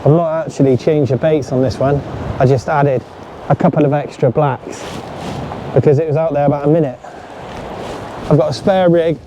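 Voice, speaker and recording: A man casually chatting to his viewers while fishing on a sandy shore, talking straight to the camera and getting excited when a fish bites. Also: a little high, normal speed, long pauses. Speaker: fishing vlogger. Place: outdoors on a sandy shore at low tide. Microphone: camera set up on the beach. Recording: outdoor recording with loud surf noise. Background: waves and surf.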